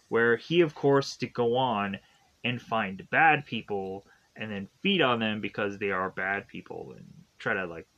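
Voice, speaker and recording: A man's voice: medium pitch, a bit bright, dull audio. A man giving a casual spoken film review, tired and yawning, rambling in a loose and repetitive way. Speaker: movie reviewer.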